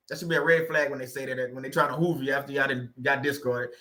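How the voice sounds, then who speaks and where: A man hosting a livestream, chatting casually and joking with his viewers, often laughing. His voice sits a little high and rings out bright and forceful. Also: quick pace, few pauses. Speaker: livestream host on narcissistic abuse.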